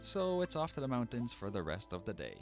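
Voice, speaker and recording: A man's voice: medium pitch, very animated, brisk, soft background music. A man reading a scripted gameplay narration with a wry, dry sense of humor.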